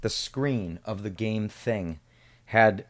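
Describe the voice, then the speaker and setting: A man's voice: fairly low pitch, slow. A man co-hosting a casual video game review discussion, laid-back and loose, with lots of fillers. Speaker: podcast co-host.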